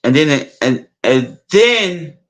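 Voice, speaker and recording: High-voiced man, rambling casual retelling. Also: sing-song, rough recording. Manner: rambling, halting, many restarts and repeats. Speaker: storyteller.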